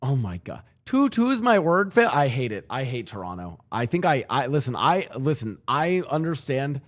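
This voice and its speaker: A man's voice: mid-range voice, expressive, normal speed. A young man hosting a casual reaction stream, rambling and swearing with frequent restarts, on a streaming mic at home. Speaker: streamer and podcast host.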